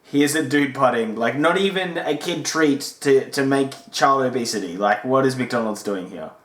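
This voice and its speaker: A man's voice: medium pitch, normal speed, a bit bright. A man, hosting a podcast and chatting casually in reaction to old commercials. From Australia. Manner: chatty, laughing, filler-heavy. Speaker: podcast host. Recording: echoey room.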